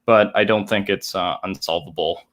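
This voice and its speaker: A man with a lowish voice talks football on a live show in an easygoing, conversational way. He chats loosely with his co-hosts. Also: fairly even intonation, fairly bright tone. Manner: easygoing, quick to laugh, conversational. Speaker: podcast co-host. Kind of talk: casual live-stream sports chat.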